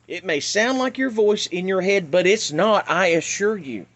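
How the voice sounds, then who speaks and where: Guy ranting to camera, pleading, goes from yelling to hushed. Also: high-pitched, normal speed. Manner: urgent, pleading, swings between shouting and hushed. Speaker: vlogger. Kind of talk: impassioned monologue.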